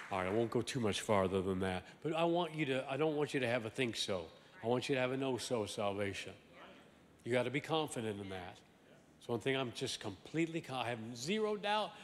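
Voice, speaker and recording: A man preaching a sermon as pastor, animated and emphatic, swinging from loud exclamations to quiet asides and often repeating words. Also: medium pitch, in a large hall. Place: large church sanctuary.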